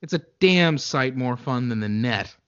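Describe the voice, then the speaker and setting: A man co-hosting a casual movie podcast, talking haltingly with stammers and restarts. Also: medium pitch, animated, clear, resonant tone, no room sound, lo-fi sound. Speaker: podcast co-host.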